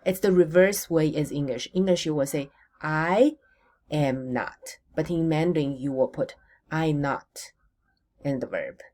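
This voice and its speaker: A woman teaching a recorded language lesson. She models words slowly for repetition and answers her own questions. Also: sits low, mellow.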